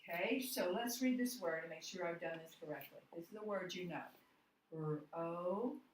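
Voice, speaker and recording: A woman teaching a phonics lesson, walking through each step slowly and patiently. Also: on the low side, roomy sound, a little hiss or hum, rough recording. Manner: slow, patient, step-by-step explaining.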